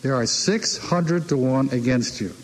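An older man recounts his business stories in an anecdotal, conversational way, repeating key phrases for effect and acting out what others said to him. His voice sits at a middle pitch. A faint noise runs under the recording. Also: measured pace, poor audio. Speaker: team owner telling stories. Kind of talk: anecdotal speech.

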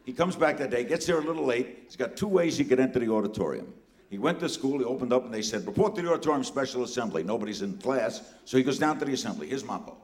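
An older man from New York City tells a comic story to a live audience, talking fast in a medium-pitched voice. His delivery is animated and punchy, packed with asides.

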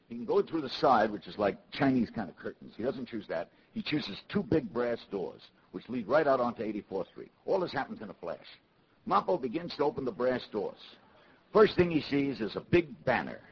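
A man from New City, telling a comic story to a live audience with punchy, animated delivery. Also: medium pitch, husky, highs cut off. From New York City. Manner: animated, punchy, swings between loud and hushed.

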